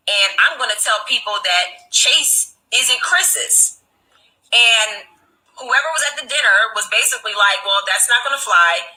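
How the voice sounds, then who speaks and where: A woman's voice: fairly high pitch, pushed and bright, poor audio. A woman in her thirties giving a heated personal account, indignant and emphatic, acting out what other people said. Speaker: reality TV cast member telling her side.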